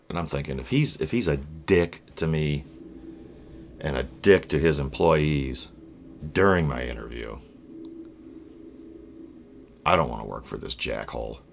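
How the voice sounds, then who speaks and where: Middle-aged guy with a super deep gravelly voice, rambling vlog story, swears a lot, wry. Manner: blunt and profane, with wry asides; halting, with many fillers and restarts. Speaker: vlogger.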